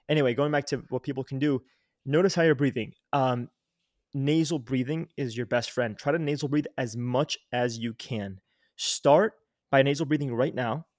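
A man's voice: mid-range voice, darkish tone, dry recording, studio quality. A young man, a podcast guest and health coach, giving earnest casual advice, with frequent "like" and restarts. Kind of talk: casual instructive interview talk.

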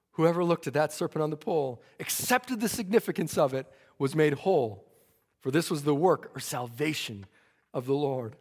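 A man preaching a fervent revival sermon, stammering into restarts and acting out the people in his story. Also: a little high. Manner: fervent, stammering restarts, acts out quoted voices. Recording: long church reverb.

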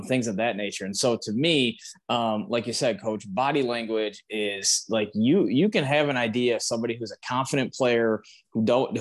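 A man who coaches young players, chatting on a podcast and acting out the words he says to his players. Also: medium pitch. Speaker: high school coach. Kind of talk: casual discussion on leadership.

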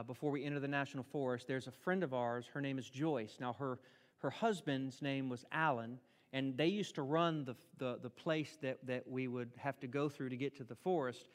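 Middle-aged guy preaching, gets loud and animated, echoey church hall sound. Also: medium pitch. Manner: animated preaching, acts out prayers in raised voice. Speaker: pastor. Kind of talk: sermon. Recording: long reverb of a hall.

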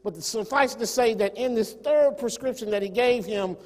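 High-voiced preacher in a reverberant hall. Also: male voice, moderate pace. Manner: preaching with rising emphatic swells and dropping to quiet asides; rhetorical questions to the congregation. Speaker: pastor. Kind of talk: sermon.

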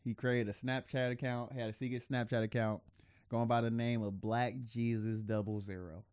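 A man's voice: mid-range voice, level tone, normal speed, darkish tone, clean tone, dry recording, studio quality. A man co-hosting a podcast in casual chat, swearing freely, laughing often and restarting his sentences. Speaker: podcast co-host.

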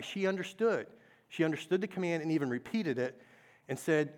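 A man's voice: on the high side, lively intonation, moderate pace, darkish tone. A man preaching a sermon, earnest, asking the congregation questions and repeating key phrases.

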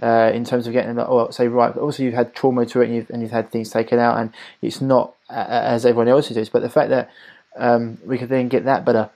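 A man's voice: medium pitch, flat delivery, brisk, gravelly, darkish tone. A man hosting a podcast as a health coach, explaining in long rambling runs with many restarts. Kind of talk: podcast conversation.

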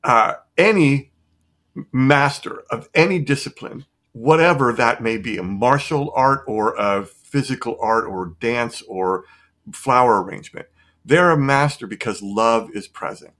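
Middle-aged man, mid-pitched, enthusiastic and philosophical podcast guest. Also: a little slow, a bit bright. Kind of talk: reflective conversation.

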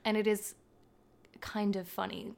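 A woman's voice: mid-range voice, level tone, a little slow, vocal fry, darkish tone. A woman with an Australian accent, a podcast guest chatting casually and telling stories with easy laughter. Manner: chatty, laughs easily, storytelling. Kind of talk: casual chat.

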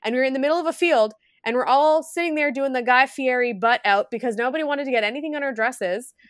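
A young woman co-hosting a casual wedding-advice chat, telling stories in an animated, chatty way with acted-out quotes. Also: high-pitched, fast, clear, resonant tone, dry recording, clean studio sound. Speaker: podcast co-host, wedding planner.

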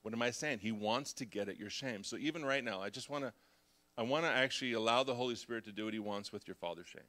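A middle-aged man, a pastor preaching a confessional sermon who swings between hushed reflection and loud, animated storytelling. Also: medium pitch, fast.

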